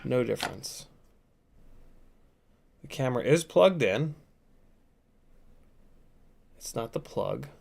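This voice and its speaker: A man's voice: medium pitch, animated, slow pace, gravelly, pauses often, a little mellow. A man hosting a casual drone livestream, muttering in exasperation as he tinkers and reads chat aloud. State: still a bit sick. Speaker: FPV drone livestream host.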